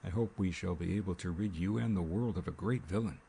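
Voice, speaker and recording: A man voicing a small, kindly, fussy investigator who asks precise, gentle questions. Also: deep voice, brisk, vocal fry, a little hiss or hum. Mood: questioning.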